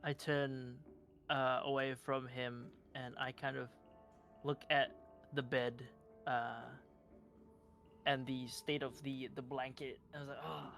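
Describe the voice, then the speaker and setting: Man, game player, slow halting delivery, faint music behind. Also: medium pitch, little pitch movement, fairly bright tone. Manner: hesitant, halting. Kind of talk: describing his character's actions in a tabletop game.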